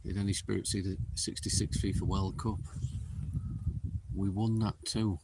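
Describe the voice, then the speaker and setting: A middle-aged man, livestreaming a paranormal investigation outdoors in a windy cemetery and calling out slowly to spirits in a hushed voice. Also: lowish voice, little pitch movement. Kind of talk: casual live commentary.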